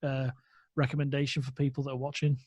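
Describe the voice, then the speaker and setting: A man's voice: mid-range voice, completely flat delivery, quick pace, a little mellow, dry recording. Chatty male podcast host, dry sound. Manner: chatty, with many restarts. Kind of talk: casual interview chat.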